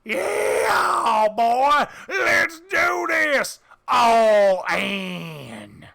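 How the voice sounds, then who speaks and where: Guy doing a loud folksy texas cowboy gambler, yells high and bouncy, calls everyone son, gravelly edge. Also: very animated, extremely slow, exaggerated voice. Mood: fired up. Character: boisterous male Texan gambler with cowboy hat.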